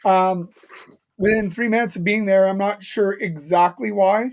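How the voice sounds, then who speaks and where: A man with a notably high voice hosts a casual podcast chat. He tells stories in a loose, rambling way, circling back and restarting as he goes. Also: steady tone, a little slow. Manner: rambling storyteller with many fillers and restarts. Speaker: podcast host.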